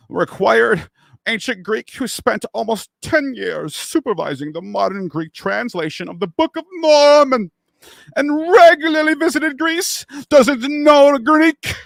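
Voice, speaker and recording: Man doing a high whiny pompous academic, slow and drawn out, indignant, dry close sound. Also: lively intonation, gravelly, no echo, full character voice. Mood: indignant mockery. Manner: mocking, nasal, drawn-out indignant whine. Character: pompous whiny male scholar waving his credentials.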